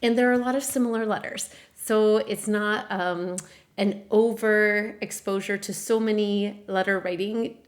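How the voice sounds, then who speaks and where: A woman's voice: medium pitch, fairly even intonation, measured pace. A middle-aged woman explaining to parents how to teach a child to write words from sounds, modeling sounds and handwriting chants in an encouraging, sing-song way. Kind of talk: instructional demonstration.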